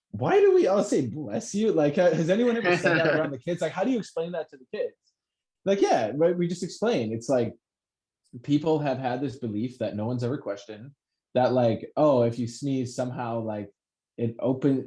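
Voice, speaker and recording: Brief: man, warm mellow tone, swearing, animated pep-talk chat. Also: medium pitch, poor audio. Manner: profane, animated, self-help pep talk. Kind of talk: casual motivational chat.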